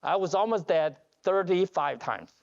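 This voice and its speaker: A man giving a joking conference keynote as a company CEO, telling animated stories with broken grammar and restarts. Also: high voice, moderate pace, creaky. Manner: animated storytelling with jokes; non-standard grammar, restarts. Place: conference hall. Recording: dull lo-fi conference audio.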